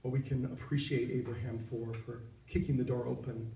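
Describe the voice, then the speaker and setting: A man's voice: medium pitch, level tone, a little fast, vocal fry, warm tone, a little hiss or hum. A middle-aged man, a reverend, giving an earnest, heartfelt personal testimony at a dinner. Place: banquet hall. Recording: echoey hall, mic far off.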